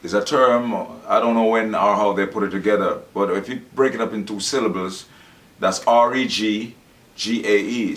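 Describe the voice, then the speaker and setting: A man's voice: on the low side, normal speed, fairly bright tone. A man talking in a rambling, preachy monologue, acting out the dialogue he quotes. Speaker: Rasta speaker. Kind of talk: casual monologue.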